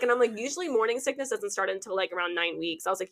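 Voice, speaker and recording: A young adult woman co-hosting a casual podcast chat, telling stories with lively re-enacted quotes. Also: racing, few pauses. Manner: animated storytelling, acts out quotes with big pitch jumps. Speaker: podcast co-host.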